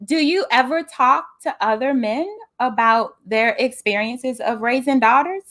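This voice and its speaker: Woman host, high voice, playful, laughs a lot, teasing, video call. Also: measured pace, fairly bright tone. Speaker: host, minister. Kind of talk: web talk show host.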